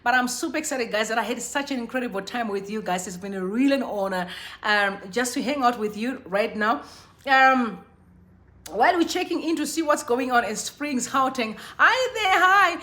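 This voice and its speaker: Bubbly, bright-voiced young woman live-streaming. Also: a little high, normal speed. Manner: bubbly, chatty, shouts out viewers by name. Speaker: livestream host. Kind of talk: casual live-stream chat greeting viewers. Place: Johannesburg.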